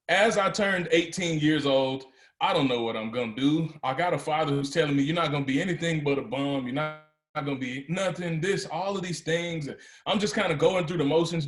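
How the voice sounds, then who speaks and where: Speaking to a live audience in an echoey room, a motivational speaker with a mid-range voice tells his story. He builds toward emphatic, rising peaks.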